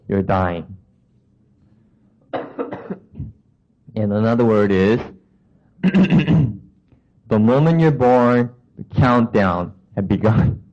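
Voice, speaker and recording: A man's voice: medium pitch, a little mellow, lo-fi sound. A man preaching a sermon to a congregation, asking questions and acting out the voices of people and of God.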